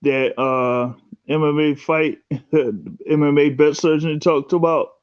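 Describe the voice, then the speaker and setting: Smooth-voiced man on a muffled line. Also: fairly high pitch, steady tone, slow. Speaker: podcast panelist. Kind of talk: casual chat.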